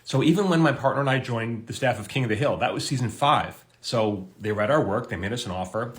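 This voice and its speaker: Lively middle-aged man giving writing advice. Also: a little fast. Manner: lively, swings pitch up for emphasis. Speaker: TV comedy writer giving advice. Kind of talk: casual advice talk, answering a viewer question.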